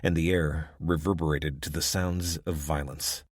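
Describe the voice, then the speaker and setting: Brief: male narrator, deep, measured scripted audiobook delivery, dry sound. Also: no echo. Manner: steady, measured storytelling.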